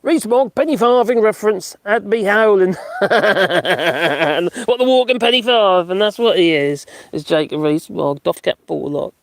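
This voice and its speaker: A man's voice: high-pitched, moderate pace, creaky, hardly any pauses, no echo, studio quality. A middle-aged man, hosting a casual live stream, chatting, laughing often and making mocking asides as he reads out comments. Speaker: live-stream host reading chat. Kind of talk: casual chat.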